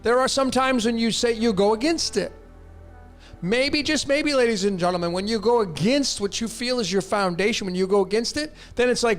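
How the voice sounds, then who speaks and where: Male host, high-pitched, blunt, repeats for emphasis, soft music underneath. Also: a little fast. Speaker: host answering viewer questions. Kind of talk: casual live-stream talk.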